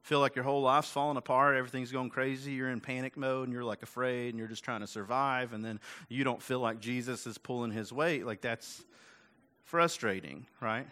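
Speaking at medium pitch with fairly even intonation, this pastor sounds brisk, bright and forceful. His sermon is casual and talky, full of asides, rhetorical questions and self-deprecating humor, with "like" and "right?" coming up often.

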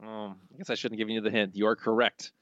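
A man co-hosting a casual podcast, relaxed and hedging in his answers. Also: on the low side, quick pace, no echo, dull audio. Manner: relaxed, hedging, easy laughs. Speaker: podcast co-host.

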